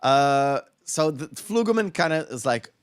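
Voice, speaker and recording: A man hosting a casual movie podcast, talking in an animated way and acting out lines from the film. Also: a little high, a little slow, clean tone, no room sound, clean studio sound. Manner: animated, quotes film lines in put-on voices. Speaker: podcast host.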